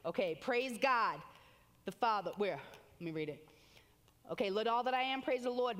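A woman preaching a sermon with animated exclamations, reading scripture aloud between comments. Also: mid-range voice. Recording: long hall reverb.

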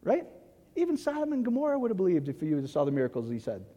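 A man's voice: sits high, wildly swooping pitch, fast talker, dark tone, big-room sound. A man preaching a sermon in an emphatic way, often checking that the audience agrees. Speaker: pastor.

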